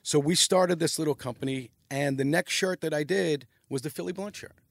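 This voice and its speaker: A man's voice: fairly high pitch, fairly quick, creaky, no echo. A middle-aged man, telling rambling, profane stories as a podcast guest. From New York. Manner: animated, profane, rambling storytelling. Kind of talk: casual storytelling chat.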